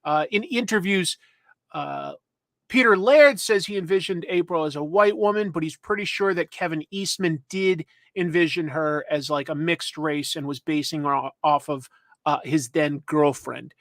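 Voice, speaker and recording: Give me a male comics show host who rambles casually and pokes fun at himself. His voice is high and bright, and it is recorded close and dry. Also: moderate pace, no echo. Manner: rambling, chatty, self-deprecating. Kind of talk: casual live-stream chat.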